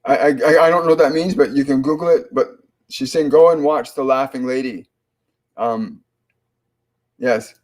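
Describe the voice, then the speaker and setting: Halting, calm man relaying spirit messages. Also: mid-range voice. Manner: halting, many restarts and fillers, calm. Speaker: psychic medium host. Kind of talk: live channeling reading.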